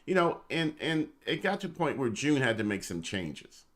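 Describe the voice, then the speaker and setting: A man's voice: medium pitch, big pitch swings, moderate pace, fairly bright tone. A man co-hosting a talk show, playful and teasing with emphatic, preacher-like delivery. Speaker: co-host. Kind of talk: casual chat.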